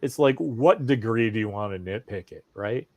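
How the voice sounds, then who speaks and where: A man's voice: on the low side, normal speed, no room sound. A middle-aged man co-hosting a casual chat podcast, telling stories with swearing and acted-out quotes. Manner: animated storyteller, swears, acts out quotes. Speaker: podcast co-host.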